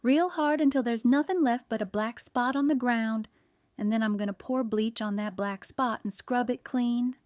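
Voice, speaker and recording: A woman narrator putting on a protective older baker woman who talks in a folksy, homespun way. The voice is smooth and dry, with a clean close sound. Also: a little high, moderate pace, darkish tone, no echo, close to an everyday voice. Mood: vengeful.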